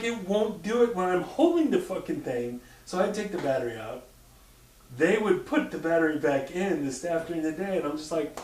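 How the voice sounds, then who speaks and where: Animated, swearing man, roomy distant sound. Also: on the high side, a little fast. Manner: animated, swears freely, acts out sounds and quotes. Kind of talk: casual storytelling chat.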